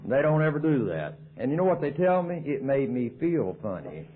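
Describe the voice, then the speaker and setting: Southern man, folksy joking AA speaker, mid-pitched voice, thin phone-like old tape recording. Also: sing-song, normal speed. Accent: Southern American. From American South. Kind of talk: recovery talk at a meeting. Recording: tinny lo-fi 1990s tape.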